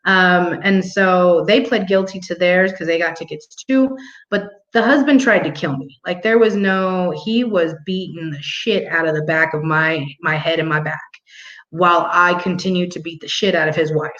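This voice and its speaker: A woman's voice: on the low side, moderate pace, a bit bright. A young adult woman telling a story in a casual monologue, blunt and profane, laughing now and then. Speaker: vlog host. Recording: roomy, muffled home recording.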